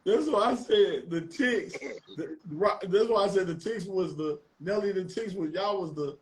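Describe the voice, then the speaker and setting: A man's voice: sits high, normal speed, low-quality recording. A man with a St. Louis accent hosting a casual debate, talking in long, winding explanations. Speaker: host.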